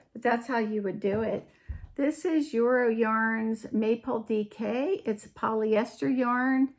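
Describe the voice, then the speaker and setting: A woman with a slightly high voice hosts a homely crafting show-and-tell. She talks very slowly and chattily, often trailing off mid-sentence and then picking the thought back up. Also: a little mellow. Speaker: podcast host.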